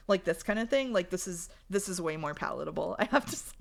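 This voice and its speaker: A woman's voice: lowish voice, fast, vocal fry, few pauses, fairly bright tone. A woman streamer giving casual, rambling, amused commentary while playing a visual novel. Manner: rambling, filler-heavy, amused.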